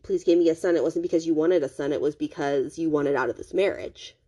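A wounded, resentful young wife speaks with halting repeats and restarts, a woman quoting her in a casual retelling. The voice sits a little low for a woman. It stays close to an everyday speaking voice rather than a performance. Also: mellow, husky. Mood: hurt, bitter. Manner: retold quotes in a plain talking voice, halting restarts.

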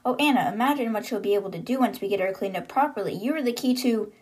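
An eager, talkative male engineer aboard an old submarine, voiced by a woman in her own everyday register. He rattles on with enthusiasm about the ship's machinery. The pitch sits in an ordinary middle range. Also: expressive, fast, a little mellow, natural voice.

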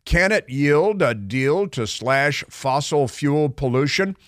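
A man's voice: a little high, takes it slowly, no echo. A man hosting a talk radio show, delivering a sarcastic monologue with mocking asides from a studio microphone.

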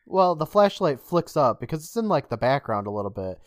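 A man's voice: on the high side, a little fast, no echo, studio quality. A man co-hosting a podcast, recapping a TV episode in casual chat and acting out the characters' lines. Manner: animated, acts out quotes with laughs. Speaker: podcast co-host.

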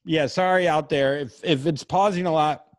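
Joking casual podcast host, dry sound. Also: male voice, a little high, fairly even intonation, normal speed, dry recording. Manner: crude, joking, slips into mock voices. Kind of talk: casual chat over a video call. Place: remote location on weak Wi-Fi.

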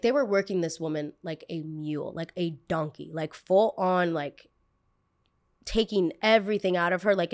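A woman hosting a casual podcast, talking in an animated, chatty way, swearing casually and acting out what other people said. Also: fairly low pitch. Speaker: podcast host.

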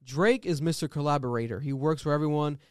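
Animated man in casual podcast chat; high, smooth, dry close sound. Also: no echo. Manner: animated, laughs often, quick rambling asides.

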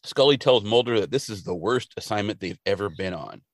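Animated man recapping a show. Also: fairly low pitch, fairly quick, no room sound. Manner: animated storytelling, acting out quotes. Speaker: podcast co-host. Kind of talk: casual episode recap.

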